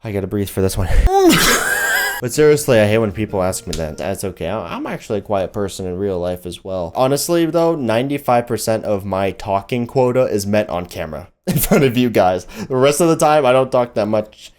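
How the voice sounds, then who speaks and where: Animated sarcastic young man reading comments. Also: on the low side, brisk, hardly any pauses. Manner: animated, sarcastic, jumps into mocking voices. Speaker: YouTube host reading comments. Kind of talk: casual comedic commentary.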